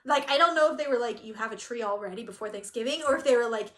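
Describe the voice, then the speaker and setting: A Southern California woman who co-hosts a cross-stitch channel tells a story in casual chat, acting out quotes and laughing. Her voice runs on the high side and her delivery is rapid-fire. The room is echoey.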